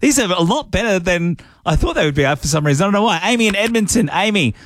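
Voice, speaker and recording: A man's voice: sits high, expressive, fast, fairly bright tone, no echo. An Australian man hosting a casual radio call-in show, laughing often and chatty. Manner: upbeat, laughs often, says mate a lot. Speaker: radio host.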